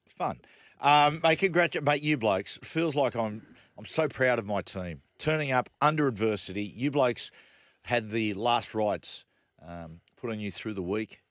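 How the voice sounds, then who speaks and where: A man's voice: medium pitch, moderate pace, a bit bright, no room sound. An Australian man hosting a radio sports show in a small studio, chatty and joking with lots of fillers. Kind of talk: casual sports chat.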